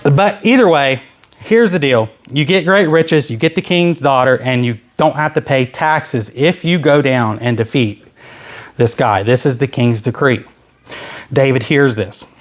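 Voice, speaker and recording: Man, Sunday school teacher, casual Bible storytelling, reads scripture then paraphrases, acts out characters, pitch swinging up and down. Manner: retells the story in casual everyday speech, acting out the characters; reads old-fashioned scripture aloud between paraphrases. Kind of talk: Bible lesson, reading and retelling scripture.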